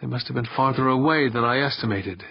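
A man's voice: medium pitch, fairly quick, gravelly, breathy edge. A male narrator voicing a cursing, anxious man piloting a spaceship, in a dull lo-fi recording. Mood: frustrated.

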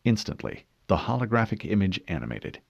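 A man narrating an audiobook in a steady, measured way. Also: on the low side, gravelly, breathy edge, no room sound. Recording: dull dry studio read.

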